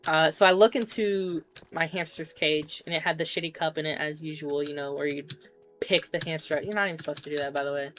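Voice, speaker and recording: Laid-back woman streamer with a lower voice, rambling and swearing through a story, keyboard tapping faintly behind. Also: fairly even intonation, fast, a bit bright, slight background noise. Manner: rambling, swears casually, jokey asides. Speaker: game streamer. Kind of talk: casual storytelling while gaming. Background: keyboard typing and clicks.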